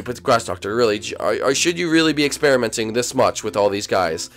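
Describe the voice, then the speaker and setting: A young man hosting a Minecraft role-play, excitable and swinging from loud shouts to mumbled asides. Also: lowish voice, fairly quick, hardly any pauses, soft background music. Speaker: YouTube host and role-player.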